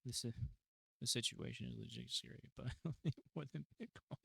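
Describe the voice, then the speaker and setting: Profane, excitable man reacting casually. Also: mid-range voice, moderate pace, vocal fry, breathy edge, no echo. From United States. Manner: profane, excitable, laughing often. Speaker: reaction channel host.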